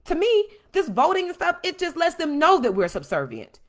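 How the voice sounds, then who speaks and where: This livestream host speaks at a normal speed in a very high voice, broadcasting from home. With animated passion, she reads the comments her viewers leave and responds to them.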